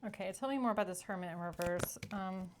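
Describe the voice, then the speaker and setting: A woman's voice: medium pitch, fast, noisy background. A young adult woman giving a casual tarot reading, chatty and blunt, often checking in with "okay?". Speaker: tarot reader.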